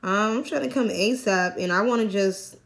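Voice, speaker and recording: A young woman from Massachusetts chatting casually on a phone video app, slangy, profane and quick to giggle. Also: medium pitch, a bit bright. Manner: giggly, slangy, profane, talks straight to viewers. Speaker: vlogger.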